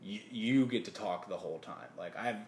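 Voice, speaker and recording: A man chatting casually on a podcast, telling stories and bursting into loud acted-out impressions. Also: fairly low pitch, moderate pace, reverberant. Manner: animated storyteller, acts out loud impressions. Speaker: podcast guest.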